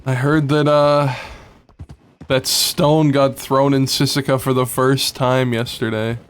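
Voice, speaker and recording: A man's voice: mid-range voice, flat delivery, takes it slowly, slight background noise. A man with a Southern American accent chatting casually with his stream chat, rambling and restarting his sentences. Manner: rambling, laid-back, restarts often.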